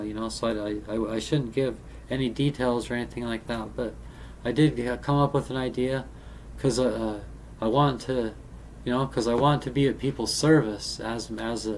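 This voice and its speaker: A man talks to camera in a loose, rambling way, pausing, repeating words and restarting his sentences. His pitch sits in an ordinary middle range. A faint hiss runs under the recording. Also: flat delivery. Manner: halting, with many restarts and fillers. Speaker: vlogger. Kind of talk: casual rambling monologue. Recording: faint background noise.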